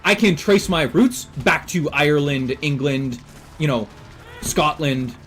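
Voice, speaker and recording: Blunt swearing Canadian man, higher voice. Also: slow, fairly bright tone, faint music behind. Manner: blunt, heavy swearing, emphatic. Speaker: streamer. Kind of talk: casual chat with stream chat.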